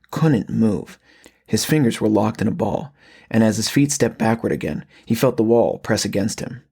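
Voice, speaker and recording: A man, the author, narrating his horror audiobook in a measured, steady way. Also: fairly low pitch, breathy edge.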